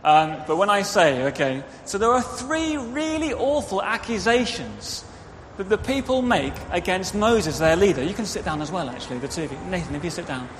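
Animated man leading a children's sermon. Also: sits high, normal speed, slight background noise. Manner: animated, directs children, acts out quotes. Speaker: preacher leading a children's talk. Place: church. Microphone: microphone. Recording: reverberant hall, faint ambience.

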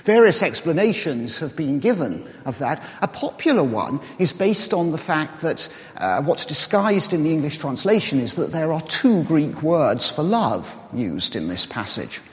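A man preaching a sermon, explaining in a measured way and reasoning aloud. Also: on the high side, sing-song. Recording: reverberant hall.

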